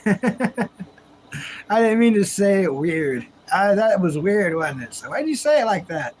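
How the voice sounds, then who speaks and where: A man with a high voice and wide pitch swings hosts a livestream from home, talking with viewers at a measured pace in a relaxed, drawling way and laughing a lot. The recording is rough, with slight background noise.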